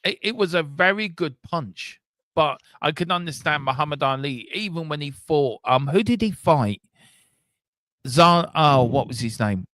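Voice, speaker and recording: A man hosting a football watchalong, chatting casually in a rambling, animated way and swearing now and then. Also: on the high side, measured pace, no room sound. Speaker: watchalong host.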